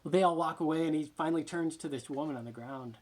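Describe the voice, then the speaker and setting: A man preaching a sermon with passion, often sinking to a hushed near-whisper for emphasis and repeating words as he gathers his thoughts. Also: on the high side, quick pace. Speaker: pastor.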